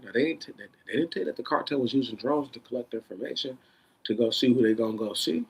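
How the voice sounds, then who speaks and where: A man in an unscripted, profane rant, swinging between loud bursts and a held-down, controlled tone. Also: medium pitch, quick pace, vocal fry, breathy edge. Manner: says he is holding his voice down in a controlled tone. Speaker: vlogger.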